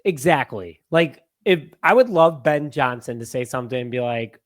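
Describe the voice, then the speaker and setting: A man's voice: mid-range voice, lively intonation, normal speed. A man appearing as a guest on a sports podcast in casual chat, giving blunt, exasperated opinions.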